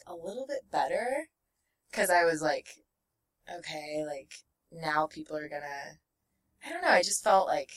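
A woman's voice: sits low, far from the mic. A young woman telling a personal story in casual conversation, rambling with many fillers and acting out what people said. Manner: rambling, full of fillers, laughs often, acts out quotes. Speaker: guest.

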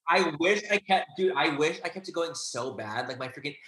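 A young man as an interview guest, chatting casually and gushing in animated asides. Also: fairly high pitch, normal speed.

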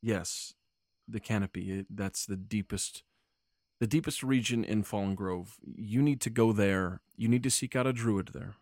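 A man's voice: lowish voice, a little mellow, no room sound, studio quality, natural voice. Man doing a stammering elf noblewoman. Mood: earnest. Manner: halting, stammering, evasive. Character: hesitant noble wood elf woman.

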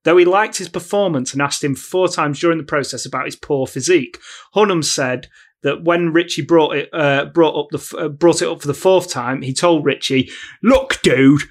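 A man's voice: on the high side, a little fast. A man with a slightly raised voice tells a casting story to his co-hosts, breaking into laughter and swearing for effect. His chat is casual and playful. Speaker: podcast co-host. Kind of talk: casual film review chat, telling anecdotes.

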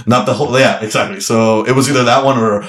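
A man's voice: medium pitch, fairly even intonation, fast talker, a bit bright. A young man from Miami, a guest comedian, telling a story in a rambling, profane way full of fillers. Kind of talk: casual podcast storytelling. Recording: roomy echo.

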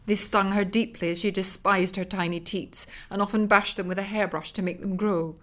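A woman narrating a comic story in a dry, deadpan manner. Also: mid-range voice, moderate pace.

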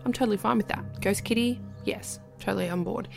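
A woman, a podcast guest telling a story in a casual, animated way and dropping to a whisper at the creepy parts. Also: medium pitch, fairly quick, gravelly, over music.

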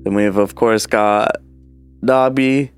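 A man's voice: on the low side, fairly even intonation, slow pace, over music. A man hosting a comedic solo podcast, playful and self-aware. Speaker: podcast host.

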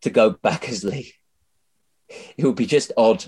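A man's voice: fairly low pitch, a little slow, darkish tone, slightly rough. A man, a comedian being interviewed on a podcast, chatty and self-mocking, swearing freely and often restarting his sentences. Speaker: comedian guest.

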